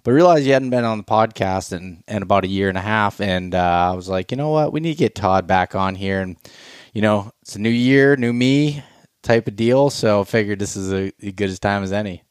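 A man's voice: on the low side, a little fast, clean tone, no room sound, studio quality. A man hosting a hunting podcast in a casual, rambling way, with fillers and restarts. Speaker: podcast host.

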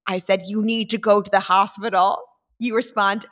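Bright-voiced woman podcast host. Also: medium pitch, flat delivery, moderate pace. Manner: reads texts aloud dramatically, laughing often. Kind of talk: casual podcast chat.

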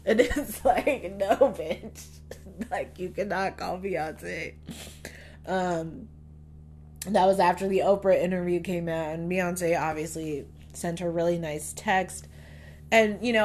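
A woman's voice: fairly low pitch, steady tone, unhurried, a little hiss or hum. A young adult woman hosting a podcast, giving a blunt, casual stream-of-consciousness review full of fillers and laughter. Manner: blunt, chatty, swears freely; filler-heavy with frequent laughs. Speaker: podcast host.

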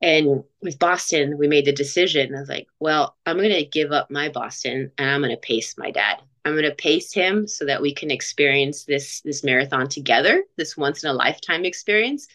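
A woman's voice: low-pitched, moderate pace, few pauses, a bit bright. A woman in her forties telling her story in an interview, earnest and chatty, with frequent restarts and filler words. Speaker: interview guest, marathon runner.

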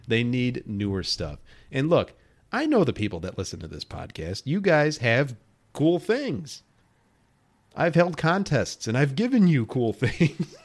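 Animated thirties man hosting a podcast. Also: mid-range voice. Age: 30s. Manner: emphatic, animated, addresses listeners directly. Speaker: podcast host. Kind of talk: solo podcast talk.

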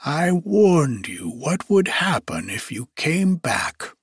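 A man voicing a cruel, scheming old witch woman who mutters in a hushed, menacing way. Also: on the high side, sing-song, slow pace, slightly rough, no room sound, studio quality, pitched above the performer's own voice, heavily acted.

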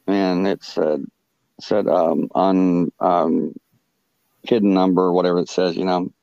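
A man with a very low voice tells a story as a podcast guest, stopping and restarting, with fillers in almost every phrase. The sound is dry and close, with a muffled, lo-fi tone. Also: little pitch movement, gravelly, warm tone, no echo. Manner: halting, full of "you know" fillers and restarts. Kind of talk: casual storytelling.

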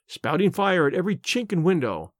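Male storyteller, measured audiobook read, lively intonation, slightly high voice. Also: no echo, clean studio sound. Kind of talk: audiobook narration.

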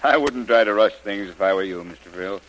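An actor playing a concerned middle-aged governor, measured and paternal with hesitant pauses, in a hissy old radio drama. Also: male voice, lowish voice, a bit bright, highs cut off, lightly acted. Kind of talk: 1930s radio drama acting.

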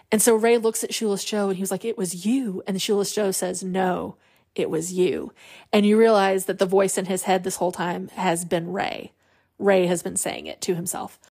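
A woman podcast host casually retelling a movie scene by scene, acting out the characters' lines with feeling. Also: mid-range voice. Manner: animated retelling, acts out quotes, laughs.

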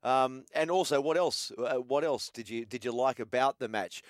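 A man's voice: medium pitch, moderate pace, dry recording, clean studio sound. A man with an Australian accent hosting a talkback radio show, chatty and laid-back, putting questions to callers and his co-host.

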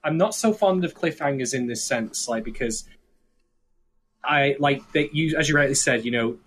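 A man hosting a casual podcast, talking in a measured, hedging way with many fillers. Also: mid-range voice, fairly bright tone, slight background noise. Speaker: podcast host summarizing the episode.

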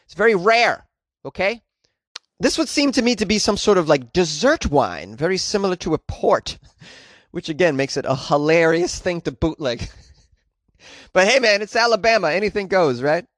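An American man hosting comic news commentary, energetic and wisecracking, laughing at his own jokes. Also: on the high side, no room sound, clean studio sound. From United States. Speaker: podcast host.

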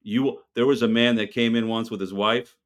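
A man's voice: medium pitch, fairly even intonation, normal speed. A man who owns a restaurant, talking bluntly and with heat as a podcast guest, swearing now and then. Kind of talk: casual podcast interview.

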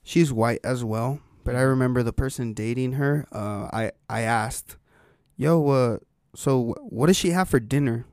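A man's voice: mid-range voice, moderate pace, darkish tone, dry recording, clean studio sound. A young man in casual chat, joking and chatty, laughing often.

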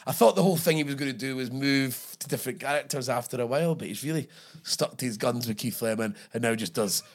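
A man's voice: medium pitch, fast. A Scottish man in his thirties, a podcast co-host in casual chat who swears freely, jokes and laughs often.

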